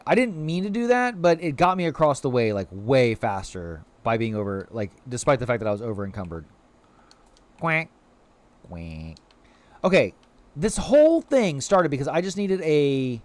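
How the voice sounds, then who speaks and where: A man live-streaming a video game, rambling casually to his chat with many filler words and cooing at the creatures on screen. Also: fairly high pitch. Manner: animated, rambling, heavy "like" fillers; coos playfully at game creatures.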